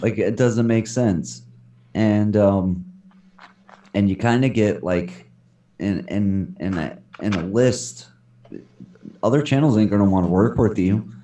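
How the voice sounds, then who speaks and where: Halting low-voiced man in an echoey room. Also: warm tone, far from the mic. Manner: halting, repeating words as he gives advice. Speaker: guest. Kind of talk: casual live stream chat.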